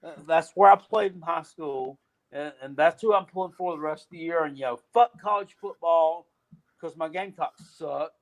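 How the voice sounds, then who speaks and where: A man's voice: fairly high pitch, moderate pace. A man hosting a casual sports rant, profane and rambling, with frequent restarts and trailing thoughts. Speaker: podcast host.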